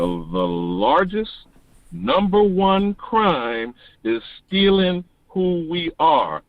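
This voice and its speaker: A man calling in to an online talk show, delivering an animated, preachy monologue that rises to emphatic declarations. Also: fairly high pitch, dry recording. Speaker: caller. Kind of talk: passionate call-in monologue. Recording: dull lo-fi dry call-in audio.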